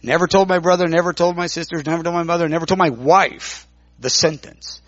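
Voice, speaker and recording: A man preaching, telling a story with many halting restarts and repeated words. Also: fairly high pitch, steady tone, a bit bright, no echo, dull audio. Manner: halting, repeats words while recounting dialogue. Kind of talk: sermon storytelling.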